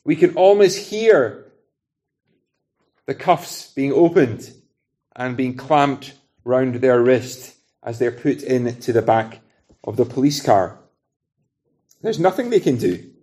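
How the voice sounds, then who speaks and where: A man's voice: medium pitch, lively intonation, takes it slowly, pauses often, dark tone. A man from Britain preaching a sermon in an earnest, conversational way, using everyday illustrations.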